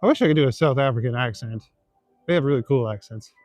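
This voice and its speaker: Talking fast in a medium-pitched, slightly mellow voice, a young vlogger livestreams from night-time city streets, reading viewer comments and replying casually. He rambles easily, chuckles, and leans on fillers; there's no echo and soft music underneath.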